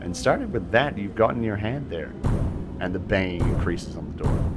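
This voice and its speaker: A man narrating as game master for a tabletop game, halting often with fillers and restarts. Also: deep voice, over loud music. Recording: steady background hiss.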